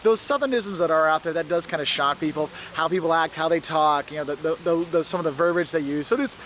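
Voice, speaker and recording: This travel video's host is an enthusiastic man who talks fast in a fairly high, somewhat bright voice. He addresses the camera directly from a city street outdoors, with traffic faintly heard behind him.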